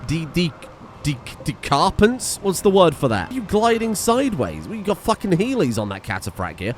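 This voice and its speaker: Animated, sweary man gaming. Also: fairly high pitch, normal speed, soft background music. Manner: exasperated, sweary, sarcastic ranting. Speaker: gaming streamer. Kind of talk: let's play commentary.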